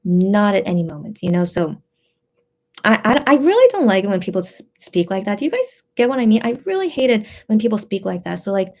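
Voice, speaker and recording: A tearful woman hosting a casual livestream, reading out chat messages in a subdued, hesitant way with many pauses and fillers. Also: medium pitch, very animated, a little mellow.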